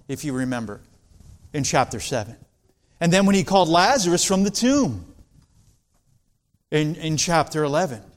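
A man preaching an expository sermon, earnest and building intensity when quoting scripture. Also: on the high side. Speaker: pastor.

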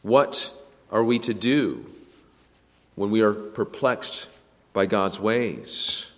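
A man preaching a sermon, emphatic, swinging between a hushed voice and a raised one. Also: on the low side, expressive, slow, big-room sound. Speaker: pastor.

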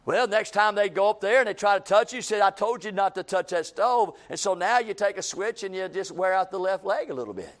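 A man's voice: sits high, lively intonation, fairly quick, few pauses. A man preaching a sermon, folksy and repetitive, building to emphatic calls and acting out everyday scenes.

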